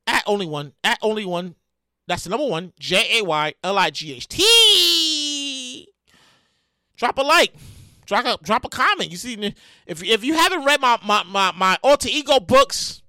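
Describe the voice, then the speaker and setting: A man hosting his own solo podcast from his room at home, talking into a podcast microphone, excitable and rambling, often breaking into shouts. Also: extremely high pitch, no echo. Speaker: podcast host.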